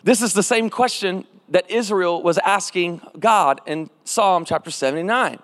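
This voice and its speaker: High-voiced pastor in a reverberant hall. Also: male voice, moderate pace, a bit bright. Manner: storytelling, call-and-response with congregation. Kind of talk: sermon. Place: large church hall.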